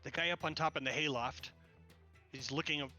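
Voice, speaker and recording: Guy GMing a tabletop game online, really bright voice, mumbles to himself, some faint music going. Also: on the high side, moderate pace. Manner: relaxed, mutters to himself while moving tokens. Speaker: game master.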